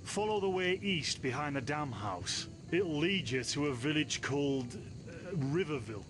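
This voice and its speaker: A man's voice: a little high, lively intonation, normal speed, over music, close to an everyday voice. A man voicing a friendly, talkative male herbalist in a game, speaking conversationally. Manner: friendly, conversational, gently teasing. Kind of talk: game voice acting.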